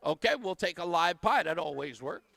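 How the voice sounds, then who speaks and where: A man's voice: fairly high pitch, lively intonation, moderate pace, gravelly, a bit bright, no room sound. A man hosting a live radio talk show, chatting casually and effusively thanking donors. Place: radio studio.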